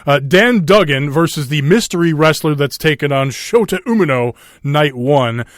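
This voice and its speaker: A man's voice: on the high side, lively intonation, normal speed, dry recording, studio quality. Rambling Minnesotan man hosting a podcast. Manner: rambling, many fillers, swears and laughs. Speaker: podcast host. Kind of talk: casual chat.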